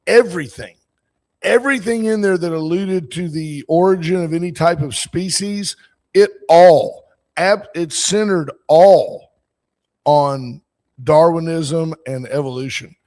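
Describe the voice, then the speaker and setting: A man's voice: on the high side, measured pace, darkish tone. A man in his sixties hosting a call-in talk show, rambling and opinionated, reading out listener comments as he goes. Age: 60s. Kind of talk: casual political call-in talk.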